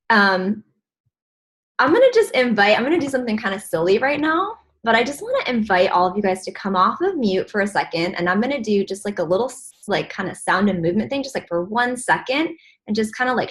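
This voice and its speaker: A woman hosting a video call, giving an animated, encouraging motivational talk to her team. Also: medium pitch. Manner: animated and encouraging, acts out stressed inner voices.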